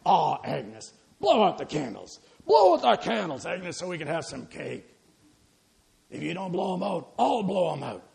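A man voicing a gruff, impatient male diner owner who bellows loudly and pushes hard. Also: high-pitched, sing-song, measured pace, full character voice. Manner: loud, bellowing, pushy.

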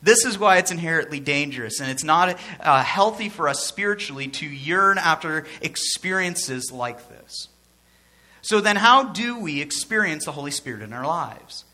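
Bright-voiced male pastor preaching. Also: fairly high pitch, animated, moderate pace. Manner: conversational, joking asides, repeats for emphasis. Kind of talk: sermon.

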